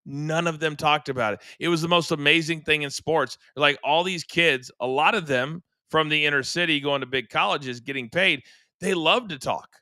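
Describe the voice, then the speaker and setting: A man's voice: fairly high pitch, normal speed, dry recording, clean studio sound. A middle-aged man hosting a sports podcast, telling stories animatedly and acting out quotes. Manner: animated storyteller, acts out quotes. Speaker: podcast host. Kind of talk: casual sports chat.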